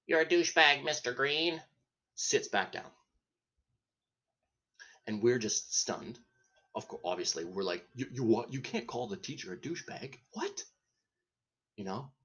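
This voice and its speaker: A man hosting a podcast, telling a comedic story in a rambling, profane way, often interrupting himself and laughing at his own tale. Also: fairly low pitch. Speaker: podcast host.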